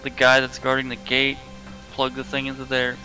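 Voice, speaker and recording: A man's voice: mid-range voice, completely flat delivery, normal speed, bright, forceful tone, rough recording. A man streaming a game in casual chat, cracking goofy jokes and wordplay over game music.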